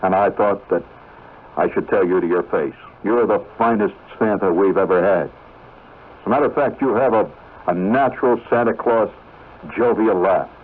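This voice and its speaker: A man's voice: fairly low pitch, normal speed, lightly acted. A man playing a kindly middle-aged station boss, speaking in a fatherly, hesitant way. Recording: tinny lo-fi 1970s radio broadcast.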